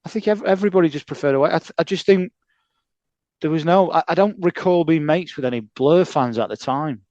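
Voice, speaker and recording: A man, co-hosting a casual podcast, measured and dry in manner. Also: on the high side, darkish tone, no echo, highs cut off. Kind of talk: casual chat.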